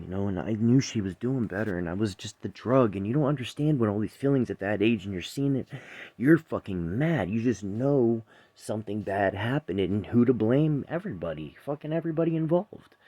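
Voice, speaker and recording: A man with a very low, mellow voice tells a painful story from his own life straight to the camera. He swears freely and is raw with emotion, loud when he is angry and hushed when he is full of regret. The sound is dry and close. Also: no echo. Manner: raw, profane, emotional retelling; quiet and subdued when remorseful.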